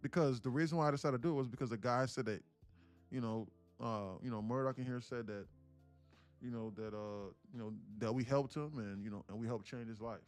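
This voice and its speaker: A man chatting loosely on a live trading stream, drifting through a long anecdote in easy slang. His voice sits at an ordinary middle pitch, and faint music plays behind him. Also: brisk, clean tone. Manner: slangy, rambling storyteller. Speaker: day trader and livestream host. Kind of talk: casual livestream chat.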